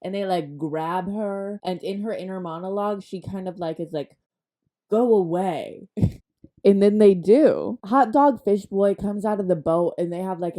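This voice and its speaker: A woman's voice: mid-range voice, mellow. A woman recapping a book in a comedic, sarcastic, chatty way, full of exaggerated asides.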